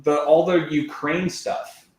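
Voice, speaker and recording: A man's voice: on the high side, flat delivery, slow. A man on an online roundtable, eagerly cutting in and stressing his points. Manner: eager, interjecting, emphatic. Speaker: roundtable panelist. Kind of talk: casual online roundtable discussion. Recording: roomy echo.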